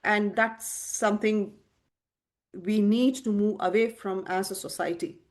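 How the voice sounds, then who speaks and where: A woman's voice: mid-range voice, a little slow. A woman from India with an Indian accent, a tech leader speaking earnestly and animatedly as an interview guest. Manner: earnest and animated, with many restarts. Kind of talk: interview conversation.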